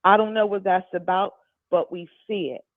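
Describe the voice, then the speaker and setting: A woman's voice: medium pitch, steady tone, moderate pace, dry recording. A woman in her fifties calling in to a talk show, speaking earnestly and repeating her points for emphasis. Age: 50s. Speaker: caller. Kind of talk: call-in talk. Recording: tinny phone line.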